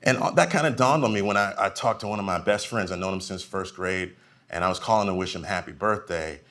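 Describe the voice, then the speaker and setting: A man's voice: low voice, fast. A man in his forties doing a stand-up comedy set, telling stories and acting out the people in them. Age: 40s. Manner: animated storytelling, acting out voices. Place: live comedy venue.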